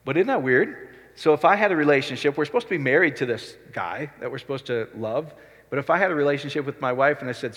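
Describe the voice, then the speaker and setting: A male pastor preaching a sermon in a conversational way, often rising to excited emphasis. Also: mid-range voice, quick pace, long reverb tail.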